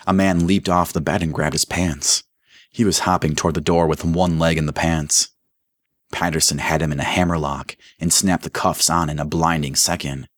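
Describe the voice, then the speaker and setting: A man reading a crime novel aloud as narrator, with brisk, dramatic storytelling. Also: extremely low pitch, steady tone, no room sound. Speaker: audiobook narrator.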